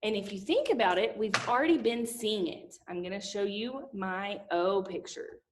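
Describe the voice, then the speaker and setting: A woman teacher giving a slow, sing-song phonics lesson to young children, asking them questions as she sounds out letters. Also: mid-range voice.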